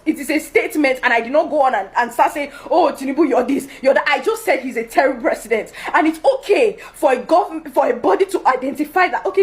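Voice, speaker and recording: A young Nigerian woman with a Nigerian accent, complaining to her followers in a vlog and pressing one question after another, laughing in disbelief. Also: sits high. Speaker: vlogger. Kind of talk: direct-to-camera complaint video.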